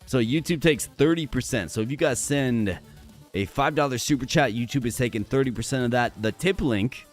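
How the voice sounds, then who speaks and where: A man with a hoarse voice, chatting energetically with viewers during a live stream. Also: mid-range voice, moderate pace, soft background music.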